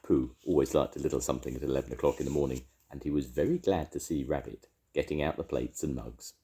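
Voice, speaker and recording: An older man reading a children's story aloud in an expressive, lilting way. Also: rumbling low, quick pace.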